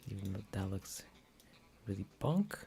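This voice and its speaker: A man's voice: low voice, sing-song, measured pace, gravelly, mellow. A man streaming live, thinking aloud as he edits a video, mumbling to himself with whispered asides and unfinished sentences.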